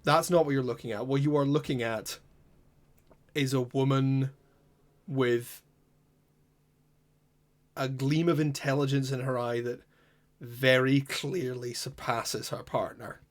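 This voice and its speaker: A man narrating as game master in a measured, descriptive way. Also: mid-range voice, steady tone.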